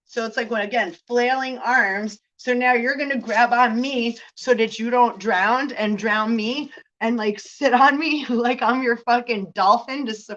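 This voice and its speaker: Higher-voiced woman rambling on, laughs a lot and swears, muffled lo-fi audio. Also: steady tone, measured pace, hardly any pauses, fairly bright tone. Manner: rambling, laughs often, swears, keeps asking "right?". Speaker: spiritual reader. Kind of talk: casual spiritual vlog talk.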